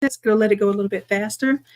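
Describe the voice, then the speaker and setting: A woman, a design instructor chatting through a live-streamed software tutorial, talking to viewers as y'all and thinking aloud as she works. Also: medium pitch.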